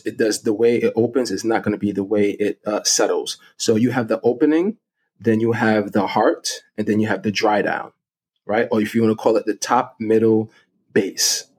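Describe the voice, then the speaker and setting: A middle-aged man with a somewhat low voice, talking as an interview guest. He walks through each point step by step in a chatty, lively way and sounds comfortable in the conversation. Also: normal speed. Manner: explains step by step, chatty and animated. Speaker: guest fragrance expert. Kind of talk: casual interview talk.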